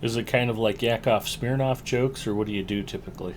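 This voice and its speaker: A man hosting a live game stream, chatting casually and giving shout-outs to viewers and friends. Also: on the low side, fairly quick, slight background noise. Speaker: streamer host.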